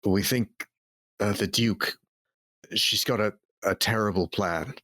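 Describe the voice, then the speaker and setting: A gentle paladin, played by a man, speaks calmly and reassuringly in a low voice. The sound is close and dry. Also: a little slow, no room sound.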